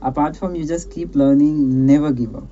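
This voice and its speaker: A man's voice: fairly high pitch, steady tone, normal speed, dark tone, lo-fi sound. A man coaching a learner on a call, encouraging and repetitive, often checking in with "right?". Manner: encouraging, repetitive, peppers speech with "right?" and "you know". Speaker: English speaking coach hosting a practice call. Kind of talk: casual advice chat on a call.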